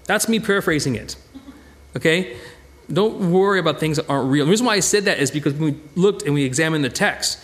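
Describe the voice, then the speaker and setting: With a slightly high voice and a fast delivery, this man preaches as a pastor in a conversational, animated way, frequently repeating himself and restarting his sentences.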